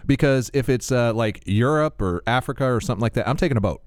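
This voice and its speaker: A man's voice: medium pitch, lively intonation, quick pace, clean tone, no room sound. A man co-hosting a casual podcast, chiming in with sarcastic quips and laughs. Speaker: podcast co-host. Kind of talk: casual chat.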